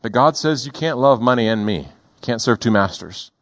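A male pastor preaching a sermon in a deliberate, emphatic way, slowing down on key words. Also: mid-range voice, animated.

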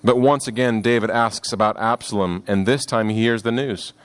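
A man preaching a sermon on a scripture passage, earnest and expressive, rising for emphasis and dropping to hushed, slow phrases. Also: fairly low pitch, clean tone.

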